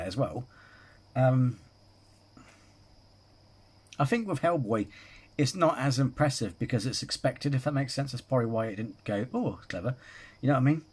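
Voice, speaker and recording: A husky, slightly breathy man talks casually over the clips he is reacting to. He rambles, corrects himself mid-sentence and wanders off on chatty tangents. His pitch sits in an ordinary middle range. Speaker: reaction video host.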